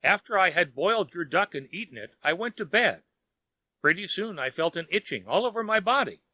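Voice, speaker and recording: A man's voice: high voice, big pitch swings, a little fast, pushed and bright, no echo, voice pushed up, full character voice. A man voicing a miserly, desperate old man who wails and pleads frantically. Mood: pleading. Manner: frantic, begging.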